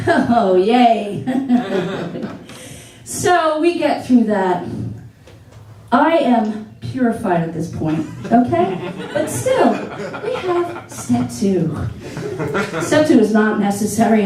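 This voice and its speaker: A woman doing a stand-up set on a comedy theater stage, telling stories with animated exclaimed asides. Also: on the high side, slow pace, slight background noise. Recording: echoey theater, distant mic.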